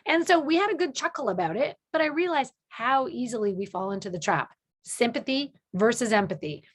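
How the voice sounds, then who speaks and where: A woman leadership coach explaining to camera in an earnest way, acting out the quoted lines with lively shifts in pitch. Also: a little fast.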